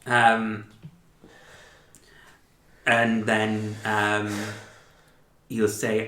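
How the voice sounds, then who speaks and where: A man at mid pitch, running a tabletop game in a loose, halting way with plenty of fillers. His voice bounces around an echoey room. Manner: casual, halting, many fillers. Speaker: game master.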